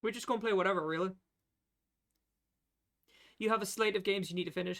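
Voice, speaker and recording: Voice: mid-range voice, a little fast, vocal fry, fairly bright tone. A streamer, chatting casually and swearing while playing a game live and reading its text aloud. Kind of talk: casual live gameplay chat.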